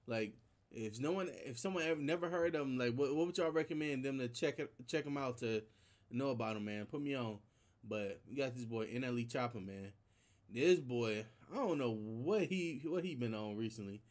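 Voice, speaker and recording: A man's voice: medium pitch, normal speed, darkish tone. Chatty young man hosting a reaction. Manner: loose and chatty, tosses in 'man' and 'bruh'. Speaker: YouTube reaction host. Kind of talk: casual reaction commentary.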